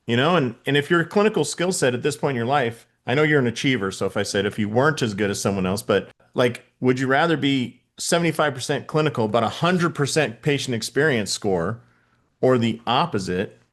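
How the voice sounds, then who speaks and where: A man's voice: mid-range voice, animated, fairly quick. A man hosting a podcast interview, talking casually with lots of fillers and throwing out hypotheticals. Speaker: podcast host. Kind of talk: conversational interview.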